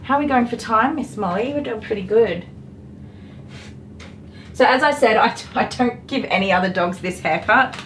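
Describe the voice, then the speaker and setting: A woman's voice: a little high, normal speed, pauses often, a bit bright, a little hiss or hum, low-quality recording. Chatty woman grooming a dog. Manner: chatty, laughs often, many ums. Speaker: dog groomer and live stream host. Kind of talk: casual chat while working. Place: grooming salon, indoors.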